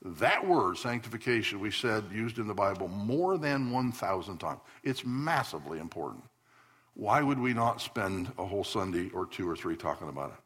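A male pastor preaching a sermon, swinging between loud emphatic declarations and soft asides. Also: on the low side, animated, normal speed, breathy edge. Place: church sanctuary.

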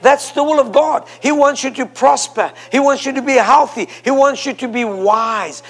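Leading his congregation in call and response, a man preaches emphatically in church, repeating phrases for effect. His voice is very high-pitched and fairly bright, and he speaks at a normal pace.

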